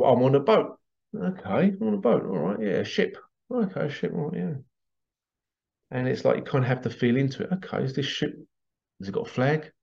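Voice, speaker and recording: A man's voice: lowish voice, vocal fry, darkish tone. A man, a past life regression practitioner, telling anecdotes in a chatty way, laughing often and acting out what his clients said. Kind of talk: casual anecdotal storytelling. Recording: dull lo-fi sound.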